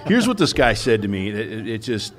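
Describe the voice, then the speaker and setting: A man's voice: lowish voice, fairly quick. A Californian man, a recovery guest speaker, telling stories animatedly and acting out quotes in a live conversation in a coffee house. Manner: animated storytelling, acts out quotes.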